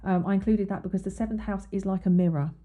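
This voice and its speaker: Talking quickly with fairly even intonation, this astrology podcaster has a warm, medium-pitched voice. She chats her way through a casual explanation, reading quotes aloud and frequently restarting with ums.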